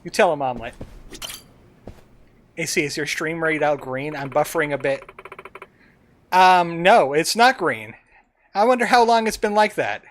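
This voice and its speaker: A man's voice: a little high, expressive, moderate pace, long pauses, fairly bright tone, slight background noise. Chatty man streaming a game. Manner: rambling, chatty, self-talking. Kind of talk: casual gameplay commentary.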